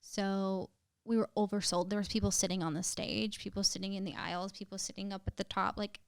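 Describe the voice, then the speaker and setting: A young woman guesting on a podcast tells a painful personal story in casual chat, emotional, with frequent "like" fillers and some swearing. Her medium-pitched voice is flat, fairly quick, creaky yet smooth, with no room sound and clean studio quality.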